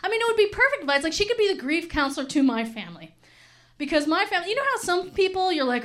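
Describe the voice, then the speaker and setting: A woman's voice: very high-pitched, sing-song, fast, fairly bright tone. A middle-aged woman doing stand-up comedy, telling stories in a frank, profane, rambling way.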